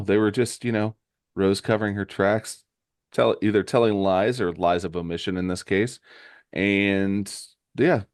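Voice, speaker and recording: A man's voice: fairly low pitch, darkish tone, no room sound, clean studio sound. A man hosting a comic book podcast, narrating scenes and chatting encouragingly with his co-host. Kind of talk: comic book recap and casual discussion.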